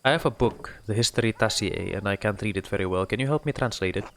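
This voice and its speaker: A man reading the lines of a polite young woman artist in his own low voice. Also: quick pace, a little hiss or hum, lightly acted.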